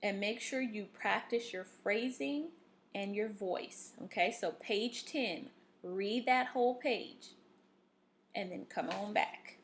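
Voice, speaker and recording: A woman's voice: mid-range voice, slow pace, a little hiss or hum. A woman teaching a reading lesson to young students, giving patient instructions full of fillers and "okay?" checks.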